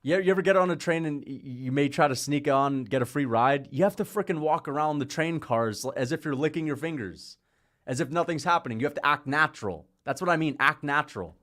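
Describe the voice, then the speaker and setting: A man's voice: on the high side, fairly quick. Rambling male livestream host. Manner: rambling, jumps between topics; gets excited and louder at big moments. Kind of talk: casual livestream chat with fight commentary.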